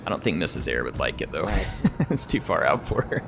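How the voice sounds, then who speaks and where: Deep-voiced chatty American man streaming. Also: sing-song, moderate pace, vocal fry, noisy background. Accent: General American, slight drawl. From United States. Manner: rambling and chatty, chuckles often. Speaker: streamer playing a strategy game. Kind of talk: casual live-stream chat.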